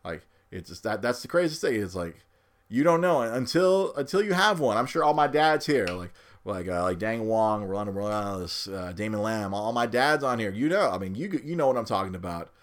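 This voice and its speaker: A man's voice: lowish voice, lively intonation, brisk. A man in his thirties, a new father, talking casually and rambling, repeating words as he goes and often laughing at himself. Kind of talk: casual chat.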